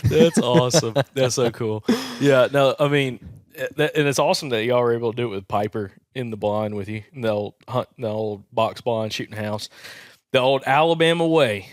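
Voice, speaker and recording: A young man banters on a podcast in an upbeat, casual way. His voice sits in a middle pitch, and his speech is peppered with "like". The recording is dry and close. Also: normal speed, no room sound. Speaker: podcast co-host. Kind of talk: casual chat.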